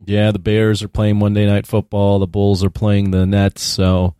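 A man's voice: on the low side, completely flat delivery, moderate pace, mellow, smooth, no echo, clean studio sound. A man co-hosting a podcast in casual chat, laid-back and a little distracted. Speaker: podcast co-host.

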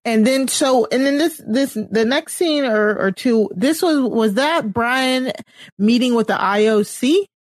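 Lively high-voiced woman podcast co-host. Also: measured pace, dry recording. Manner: animated retelling with laughs and acted-out quotes. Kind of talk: casual podcast discussion.

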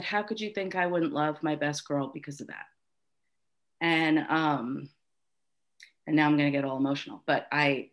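A middle-aged woman with a deep, fairly bright voice tells a personal story as an interview guest, halting and heartfelt, with many restarts and fillers.

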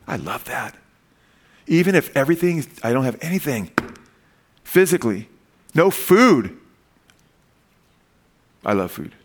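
A man's voice: medium pitch, sing-song, a little slow, pauses often, breathy edge. A male pastor preaching a sermon in a casual, folksy way, often saying "man" and telling jokes.

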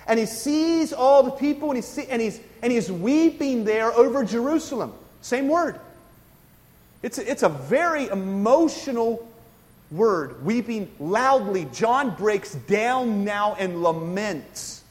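A man's voice: extremely high pitch, animated, a little slow, in a large hall. A man preaching a sermon, explaining scripture with frequent asides and questions to his congregation. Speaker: pastor.

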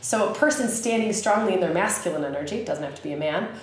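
A woman with a Southern US accent hosting a podcast, teaching in a casual, animated way with many fillers. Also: on the low side, fast. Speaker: podcast host. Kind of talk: casual spoken teaching monologue. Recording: very echoey room with faint ambience.

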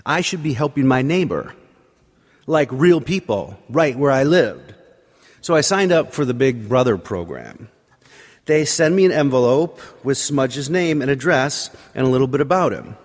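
A man's voice: mid-range voice, a little mellow. Man telling a wry story in a reverberant hall. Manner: wry, self-deprecating narration. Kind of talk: personal storytelling sermon.

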